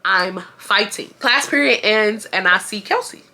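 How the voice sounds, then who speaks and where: A woman in her twenties from Houston, telling a casual storytime in an animated, emphatic way that repeats lines for effect. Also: mid-range voice, a little slow, slight background noise. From Houston, Texas. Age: 20s. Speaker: vlogger.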